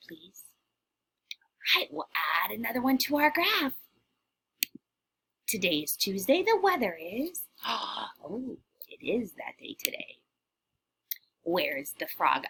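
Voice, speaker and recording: A woman's voice: fairly high pitch, vocal fry, a bit bright, breathy edge, full character voice. A woman playing a cheerful, theatrical witch who teaches a children's lesson in character, talking in a sing-song way with gasps and whispered asides. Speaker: kindergarten teacher.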